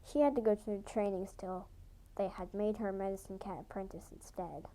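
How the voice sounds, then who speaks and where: A young woman reading her own fan story aloud, halting now and then to correct herself. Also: mid-range voice, fairly even intonation, warm tone, low-quality recording. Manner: halting amateur reading with restarts. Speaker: fan audiobook reader.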